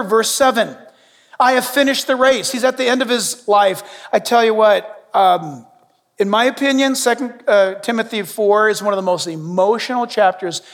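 A middle-aged man preaching a sermon as pastor, animated and humorous, dropping at times to a hush. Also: high-pitched. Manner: animated, humorous, shifts between loud and hushed. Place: church sanctuary. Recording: long reverb in a large hall.

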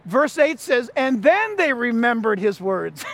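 High-voiced man preaching emphatically. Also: measured pace. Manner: emphatic, animated preaching with many repeated phrases. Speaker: pastor. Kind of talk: Easter sermon.

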